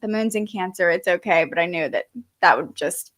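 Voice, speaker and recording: A woman's voice: fairly low pitch, expressive, fairly quick, a bit bright. A young woman hosting a casual astrology livestream, chatting and reading viewer comments aloud, a bit sleepy.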